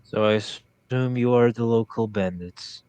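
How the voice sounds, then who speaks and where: Tabletop player, man, smooth clear voice, close dry sound, hesitant and understated. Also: mid-range voice, unhurried, a little mellow, no room sound. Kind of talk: casual tabletop game play.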